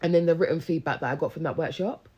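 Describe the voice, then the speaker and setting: A woman's voice: low-pitched, quick pace, darkish tone, husky, muffled recording. A young woman, a business coach, chatting casually and animatedly on a phone live stream, full of slang and talking straight to her viewers. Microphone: handheld phone live stream.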